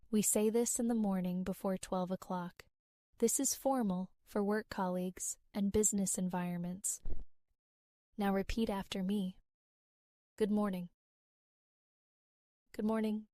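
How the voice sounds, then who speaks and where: An American woman teaching English goes slowly and deliberately, repeating each phrase so learners can keep up. Her mid-range voice is mellow and warm, captured close on a dry mic with no room sound.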